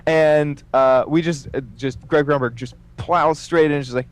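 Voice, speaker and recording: A man casually telling a story as a podcast guest, animated and full of fillers, acting out the voices of the people in it. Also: mid-range voice, moderate pace, hardly any pauses. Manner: animated, acts out quoted voices, many fillers.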